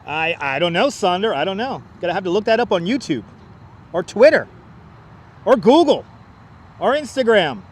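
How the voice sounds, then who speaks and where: A man's voice: high-pitched, lively intonation, brisk. A man hosting an outdoor plane-spotting livestream, joking with his chat in a mock folksy "there, eh?" style and calling out arriving flights. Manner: calls out arriving flights like an announcer. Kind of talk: casual live commentary to chat. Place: outdoors near an airport runway. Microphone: wireless clip-on mic.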